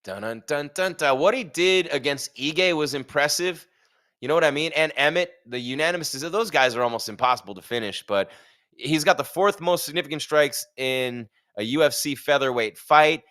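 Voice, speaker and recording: A man's voice: a little high, normal speed, a bit bright. A man hosting a live fight stream, chatting casually with jokes and rhetorical questions. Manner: reads sponsor ad.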